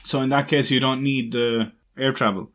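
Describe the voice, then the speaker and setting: A man co-hosting a casual podcast, playful and quick with jokes. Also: mid-range voice, steady tone, fairly bright tone, lo-fi sound. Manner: playful, jokey, quick retorts. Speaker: podcast co-host. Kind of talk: casual chat.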